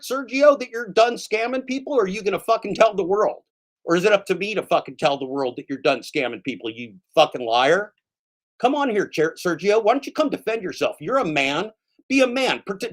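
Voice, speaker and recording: A man ranting angrily and profanely in commentary, repeating himself and mocking the people he calls out. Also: sits high.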